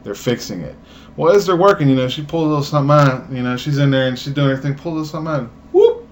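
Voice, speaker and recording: A young man vlogging at home, telling a story with animated delivery and acted-out voices. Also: very fast, slight background noise. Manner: animated, acts out voices, jumps high in pitch for emphasis.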